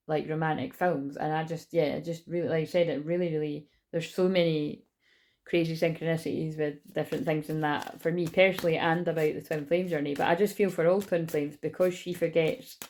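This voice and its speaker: A young woman talks through a tarot reading in a loose, rambling way, cursing casually as she goes. Her voice sits low and has a gravelly, fried edge. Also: a little mellow. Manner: rambling, chatty, swears freely. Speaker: tarot reader.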